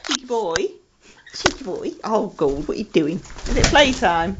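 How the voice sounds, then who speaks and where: A woman's voice: mid-range voice, big pitch swings, moderate pace. A woman at home, playfully chatting to her pets in cooing baby talk and teasing them, filmed on a home camcorder. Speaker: pet owner filming her parrots. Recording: dull, slightly hissy home video.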